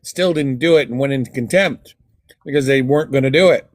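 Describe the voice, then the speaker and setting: A man's voice: mid-range voice, fairly quick, dry recording. A man with a mid-range voice raises questions in a casual political debate and rambles through his argument. His voice sounds close and dry. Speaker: debate guest.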